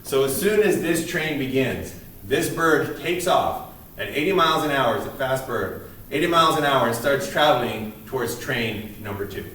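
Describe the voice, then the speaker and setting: A man's voice: medium pitch, expressive, normal speed, bright, forceful tone. A man giving a recorded university lecture, speaking earnestly and emphatically with frequent restarts. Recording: distant mic in an echoey room.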